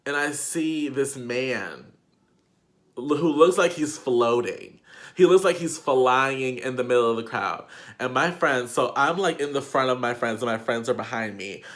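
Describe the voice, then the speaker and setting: A man's voice: medium pitch, unhurried, fairly bright tone. A young man vlogger telling a casual storytime, chatty and profane, with lots of "like" fillers.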